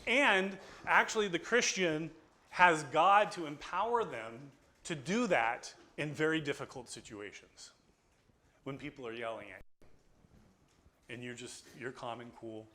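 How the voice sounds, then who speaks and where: Man, bright-voiced philosophy lecturer, animated and chatty with a small group, acts out both sides of a story. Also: a little high, measured pace. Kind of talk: informal classroom lecture. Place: small group gathering indoors.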